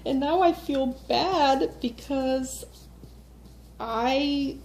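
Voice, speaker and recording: A woman's voice: sits high, extremely slow, a little mellow, a little hiss or hum. Upset woman venting in an echoey room. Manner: upset, talks to viewers directly with many fillers. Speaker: vlogger. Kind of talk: casual venting to camera. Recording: echoey room with faint ambience.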